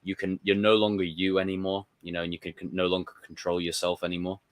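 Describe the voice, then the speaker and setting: Uomo dalla voce grave e asciutta, chiacchiera da live. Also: male voice, low voice, completely flat delivery, fast, no room sound. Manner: rambling, emphatic, swears often. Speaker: livestream host. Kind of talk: casual livestream chat.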